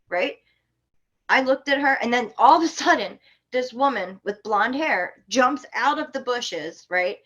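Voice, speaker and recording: A woman from Florida, a podcast guest, telling a story in an animated, indignant way with sharp outbursts. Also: fairly high pitch, measured pace, lo-fi sound. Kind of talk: casual storytelling.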